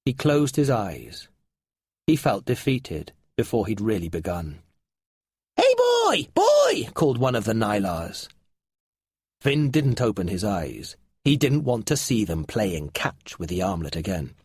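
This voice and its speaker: A man narrating a story slowly and deliberately, with a lively, expressive pitch. His voice is husky and breathy, recorded very dry and close. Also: no room sound. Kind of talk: slow story reading for English learners.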